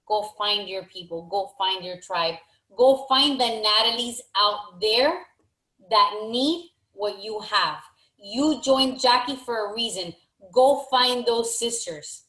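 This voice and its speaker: A woman's voice: medium pitch, fairly bright tone, roomy sound, low-quality recording. A woman leading a motivational team call, emphatic and encouraging, often repeating her phrases. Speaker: team leader.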